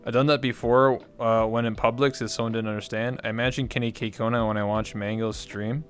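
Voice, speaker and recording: A man's voice: medium pitch, little pitch movement, brisk, faint music behind. A man hosting a livestream, chatting casually in a rambling, jokey way. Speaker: livestream host. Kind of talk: casual chat.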